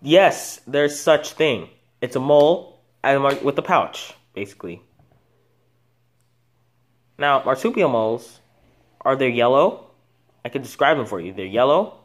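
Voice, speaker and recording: A man hosting an animal video channel, talking casually off the cuff, rambling with many false starts and self-corrections. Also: medium pitch. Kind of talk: casual unscripted animal talk.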